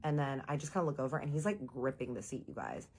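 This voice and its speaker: A woman telling her viewers a story in a casual, chatty way, full of "like" and casual swearing, voicing her own reactions in high jumps. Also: sing-song, fast, darkish tone, slight background noise.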